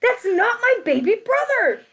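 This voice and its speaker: A woman reads a picture book aloud, firmly voicing a stubborn, clever little girl. She pushes her voice extremely high, well above her own, with big pitch swings, a fairly bright tone, an exaggerated style and a measured pace.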